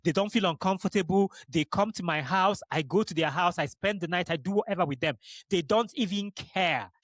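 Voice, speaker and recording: A young adult Nigerian man from the Igbo region hosts a podcast, delivering a passionate, blunt solo monologue straight to the listener with frequent swearing and emphasis. His voice is high-pitched, fairly quick and fairly bright, in clean studio sound with no echo.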